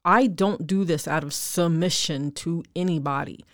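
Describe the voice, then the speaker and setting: Woman, low pitch, candid co-host, laughs easily, dry recording. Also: normal speed, no echo. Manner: candid, reflective, laughs often. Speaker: podcast co-host. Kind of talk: casual chat.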